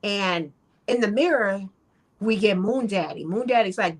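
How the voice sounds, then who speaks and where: A woman's voice: mid-range voice, brisk. Casual woman retelling a plot. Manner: retells the plot loosely, with slang and laughs. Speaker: co-host. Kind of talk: casual chat.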